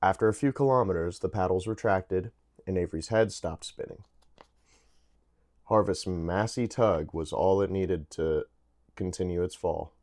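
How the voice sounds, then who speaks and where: A man's voice: deep voice, moderate pace, a little mellow. A man casually reading a science fiction novel aloud, stumbling now and then and correcting himself as he goes. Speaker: book reader.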